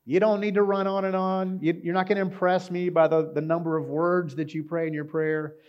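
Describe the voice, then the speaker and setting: A man preaching a conversational sermon as a pastor, with frequent fillers and lively quoted lines. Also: high-pitched, a little fast, highs cut off.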